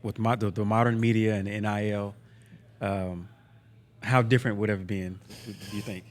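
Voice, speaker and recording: A man hosts a podcast interview in a loose, easygoing way. His voice sits on the low side, and he keeps the talk moving with short reactions and ready laughter. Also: level tone. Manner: laid-back, quick reactions and laughter. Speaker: podcast host. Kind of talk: casual interview chat.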